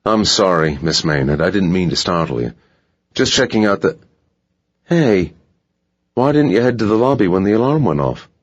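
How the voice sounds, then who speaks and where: A man's voice: low-pitched, lively intonation, normal speed, pauses often, muffled recording, voice pushed up. A man reading an audiobook, voicing a big security guard who speaks sternly and suspiciously.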